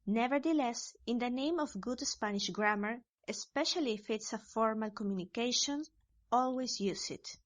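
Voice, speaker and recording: A woman narrating a scripted Spanish lesson, reading example sentences slowly and carefully. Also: on the high side. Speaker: Spanish teacher.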